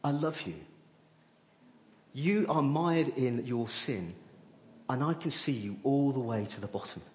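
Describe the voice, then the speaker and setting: A man voicing a gentle, loving male spirit who speaks softly to a struggling believer, in a sermon. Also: high-pitched, very animated, a little slow, roomy sound, muffled recording. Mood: tender.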